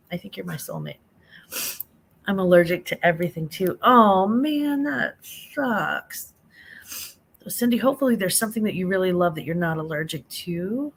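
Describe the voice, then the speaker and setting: A woman's voice: fairly low pitch, fairly bright tone, a little hiss or hum. A half-awake woman hosting a casual late-night live stream on her phone, chatting and reading viewer comments aloud, calling people honey.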